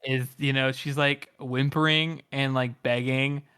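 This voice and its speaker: A man's voice: medium pitch, little pitch movement, unhurried, sharp tone, clear, resonant tone, no echo, studio quality. A young man in his twenties co-hosting a podcast, chatting enthusiastically with lots of "like" and "you know". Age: 20s. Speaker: podcast co-host. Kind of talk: casual chat.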